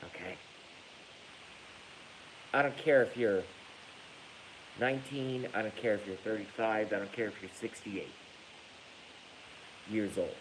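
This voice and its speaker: Low, slow-talking man ranting. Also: background noise. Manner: angry, profane, breaks into laughter. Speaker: livestream host reading viewer comments. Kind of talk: ranting livestream monologue.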